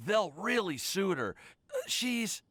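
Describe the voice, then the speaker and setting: A man's voice: high voice, big pitch swings, slow, a bit bright, no echo, faint music behind, full character voice. A stammering lovestruck young man. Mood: flustered. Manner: stammering, flustered. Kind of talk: game voice acting.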